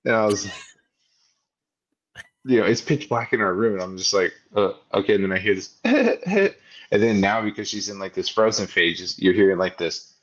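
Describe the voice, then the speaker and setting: A man's voice: on the low side, expressive, a little fast, dull audio. A young man co-hosting a casual podcast, rambling through stories, laughing often and acting out his kids' voices. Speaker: podcast co-host. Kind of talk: casual chat.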